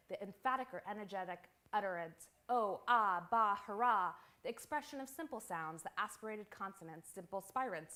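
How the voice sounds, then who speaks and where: A woman poet giving a live poetry reading in a small venue, reciting in a measured, incantatory, list-like way. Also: mid-range voice, fairly bright tone.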